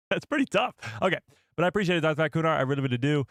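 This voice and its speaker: A man's voice: a little high, animated, racing, a bit bright, no room sound, studio quality. A man casually hosting a live stream, chatty and rambling, often correcting himself mid-sentence. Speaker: host of a live show.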